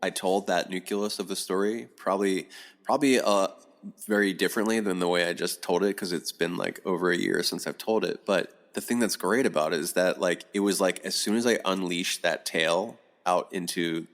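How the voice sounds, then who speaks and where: A middle-aged man, a podcast guest, telling a long rambling story in casual talk, animated and swearing often. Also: low voice, fairly quick.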